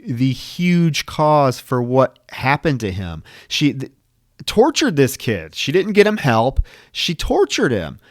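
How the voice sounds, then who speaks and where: Smooth-voiced man recapping a horror film. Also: mid-range voice, no echo, clean studio sound. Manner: recapping scenes, blunt and heated. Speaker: podcast co-host. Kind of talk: casual film discussion.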